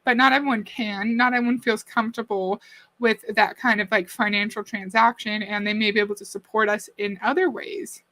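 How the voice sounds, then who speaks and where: A woman's voice: medium pitch, steady tone, a little fast, bright, forceful tone, poor audio. A woman hosting a casual livestream, critiquing a video and reading out viewer comments in a conversational way. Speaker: livestream host reacting to a video. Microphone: desk mic.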